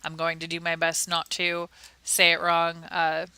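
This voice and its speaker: A woman's voice: on the low side, completely flat delivery, measured pace, sharp tone, clear, resonant tone, no room sound. A woman co-hosting a casual advocacy livestream, talking earnestly and emotionally with many fillers and restarts.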